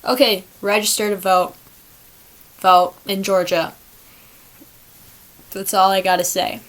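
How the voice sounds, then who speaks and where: A woman's voice: medium pitch, little pitch movement, takes it slowly, a bit bright. Chatty young woman hosting a podcast. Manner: chatty, rambling, self-talking asides. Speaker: podcast host. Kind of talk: casual solo podcast chat.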